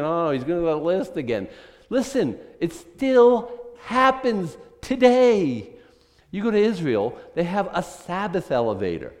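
Conversational male pastor, rhetorical and animated, church hall reverb. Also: on the high side. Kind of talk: sermon.

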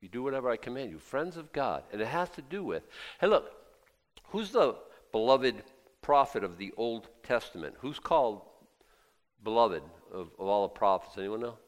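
A man's voice: medium pitch, animated, normal speed. A man preaching a sermon in a conversational way, quizzing his listeners and repeating himself. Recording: long hall reverb.

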